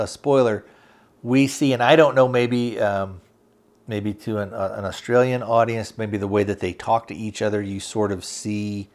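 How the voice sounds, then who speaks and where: Male podcast host, slightly low voice, loose and halting plot recap. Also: darkish tone. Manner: rambling, halting, many fillers, acts out quotes loosely. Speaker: podcast host reviewing a TV series. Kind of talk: casual recap, plot retelling.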